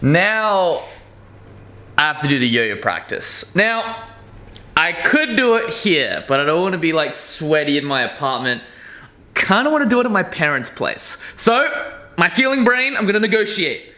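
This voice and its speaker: A young man vlogging casually from his apartment, animated and acting out his inner voices in a chatty monologue. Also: normal speed, echoey room. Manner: animated, acts out inner voices with big pitch swings.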